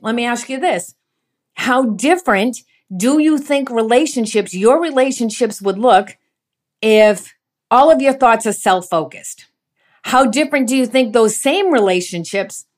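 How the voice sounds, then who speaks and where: A woman giving earnest devotional teaching, emphatic and asking the listener questions. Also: a little high. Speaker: Bible teacher.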